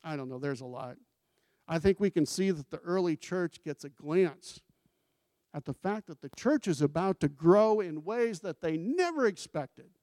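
A pastor with a somewhat high, mellow voice preaches a sermon at normal speed with lively intonation. He speaks conversationally, turns questions toward the congregation, and acts out scripture quotes with emphasis. The recording is close and dry, with no room sound.

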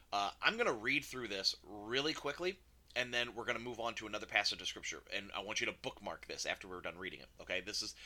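A man's voice: lowish voice, pushed and bright. A man teaching a casual recorded Bible lesson, chatty and conversational, with frequent fillers and self-corrections.

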